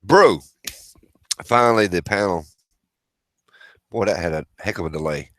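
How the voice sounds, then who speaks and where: Low-voiced man rambling through a livestream. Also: moderate pace, fairly bright tone. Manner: rambling, reads out viewer chat and greets viewers by name. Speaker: livestream host. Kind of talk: casual livestream chat.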